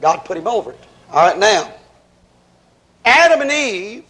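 Preacher man, real high voice, hollers then goes quiet, stretches words out. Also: sing-song. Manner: impassioned, rising to shouts then dropping low; drawn-out emphatic phrasing. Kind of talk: fiery sermon.

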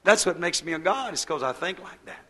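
A man with a high, ringing voice preaches at a church service. His delivery is folksy and exuberant. It drops to near-whispered asides, then bursts into loud, rising praise. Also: animated, fairly quick, rough recording. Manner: exuberant folksy preaching with sudden swings from hushed to shouting. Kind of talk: sermon.

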